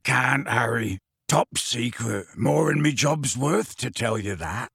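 A man voicing a gruff, battered giant gamekeeper in an audiobook, with slow, rough, rustic speech. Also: medium pitch, lively intonation, a bit bright, no room sound, studio quality, full character voice. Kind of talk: audiobook reading.

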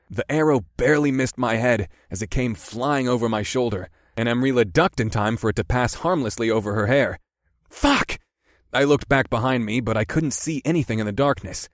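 A man narrating a first-person fantasy audiobook in a steady, measured way. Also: medium pitch, dry recording, studio quality.

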